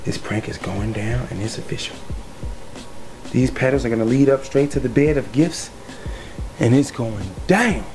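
A man's voice: mid-range voice, moderate pace, pauses often, background noise. A young man vlogging in a hotel room, talking hyped and straight to his viewers about a prank setup. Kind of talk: casual prank vlog talk.

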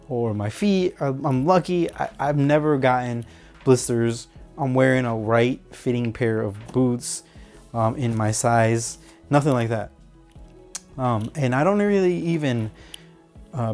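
A man's voice: mid-range voice, darkish tone. A man casually reviewing and unboxing football boots, rambling with many fillers and restarts. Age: adult. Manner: rambling, self-correcting, hesitant fillers.

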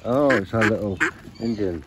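A man's voice: lowish voice, normal speed. A man feeding swans at a lakeside, talking casually to the birds by name in a chatty, coaxing way. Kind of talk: casual talk to birds on camera. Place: outdoors at a lakeside. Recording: outdoor noise behind the voice. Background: outdoor ambience with ducks and swans.

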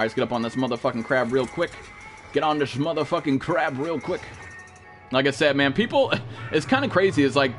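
A man's voice: medium pitch, a bit bright. A young man streaming a game live, talking to his chat in a blunt, profane, scolding way. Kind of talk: live gameplay stream commentary.

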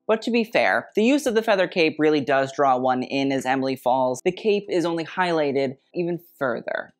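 A YouTuber giving a sarcastic, snarky fashion critique in a scripted vlog, with wry deadpan asides. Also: medium pitch.

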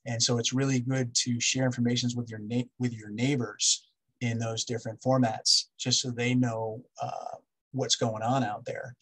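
Husky-voiced man giving a safety lecture. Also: mid-range voice, flat delivery, normal speed, a bit bright, rough recording. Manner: instructive, repeats key steps, asks "okay?". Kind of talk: public lecture with slides.

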